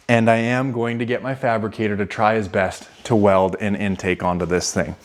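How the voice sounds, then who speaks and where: A man's voice: mid-range voice, a little mellow. A brash young man hosting a car vlog, talking casually with slang and swearing, sometimes mocking commenters in a raised whiny voice. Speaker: car channel host. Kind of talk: casual garage vlog talk.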